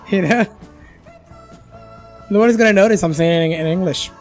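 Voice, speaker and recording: Playful livestream host, casual reaction chat, mid-pitched voice, faint music behind. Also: unhurried. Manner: playful, laughing, fumbling with pronunciation.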